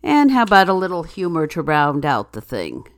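A woman host reads out news items, quotes and a string of jokes in a dry, wry manner. Her voice is low-pitched with huge swings in pitch, her speed is normal, and there's no echo.

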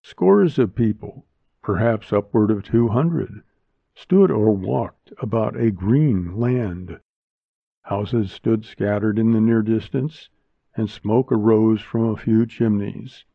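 A man reading a story aloud as narrator in a measured, steady manner, in a tinny, phone-like recording. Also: lowish voice, creaky, no echo. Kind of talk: audiobook reading. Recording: tinny phone-like dry sound.

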